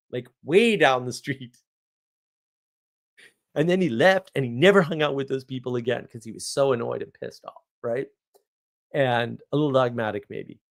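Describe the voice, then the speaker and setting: A man's voice: mid-range voice, vocal fry. Rambling male livestream host. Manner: rambling storyteller, tosses in "right?" asides. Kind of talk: casual live monologue.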